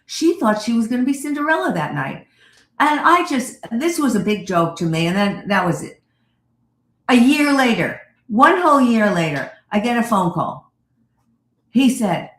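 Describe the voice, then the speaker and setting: A woman therapist telling a lively personal story as a radio guest, acting out the voices of the people she quotes. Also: a little high, normal speed, roomy sound. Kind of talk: animated storytelling in an interview.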